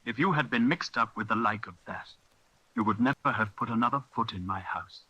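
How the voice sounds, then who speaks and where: A man's voice: mid-range voice, fairly quick, sharp tone, husky, dull audio. A man voicing a hearty, cunning one-legged pirate cook who talks in bluff, blustering sea-dog phrases. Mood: stern.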